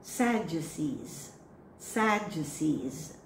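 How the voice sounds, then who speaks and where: A woman coaching church readers on pronunciation. She says each word slowly and clearly, then repeats it. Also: deep voice, lively intonation. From Philippines. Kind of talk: pronunciation drill, slow and repeated. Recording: echoey room with faint noise.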